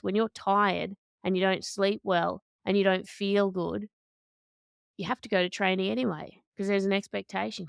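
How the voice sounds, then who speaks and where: A woman, a boxer and coach telling stories as a podcast guest, candid and animated, often restarting her sentences. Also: medium pitch, vocal fry, smooth, no echo, studio quality. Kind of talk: conversational storytelling.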